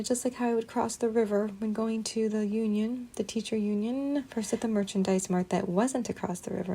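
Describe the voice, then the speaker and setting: Creaky-voiced woman recounting her story. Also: medium pitch. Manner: earnest, shifts between hushed asides and loud bursts. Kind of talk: emotional personal recounting.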